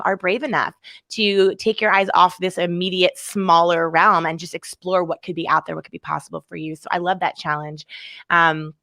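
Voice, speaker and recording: Woman host, energetic, reflective, dry close sound, mid pitch. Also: no echo. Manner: energetic and laughing, then reflective. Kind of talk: conversational interview commentary.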